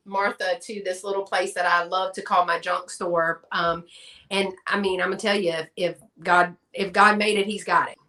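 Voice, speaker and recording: A woman's voice: medium pitch, bright, forceful tone. A woman from Texas with a Southern accent, chatting casually in a live stream and laughing often. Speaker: guest collector.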